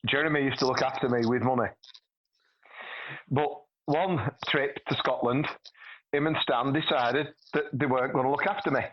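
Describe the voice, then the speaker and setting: A man's voice: mid-range voice, fairly even intonation, normal speed, lo-fi sound. A middle-aged man, rambling through a sweary anecdote on a podcast and laughing as he goes. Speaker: podcast guest. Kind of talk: casual chat, anecdote telling.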